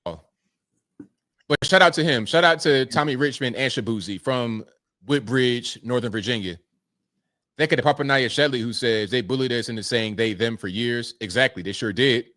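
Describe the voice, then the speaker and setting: A man's voice: medium pitch, normal speed, a bit bright, dry recording, studio quality. A man hosting a casual livestream, thanking viewers one by one and answering their comments in a laid-back way. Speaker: livestream host reading super chats.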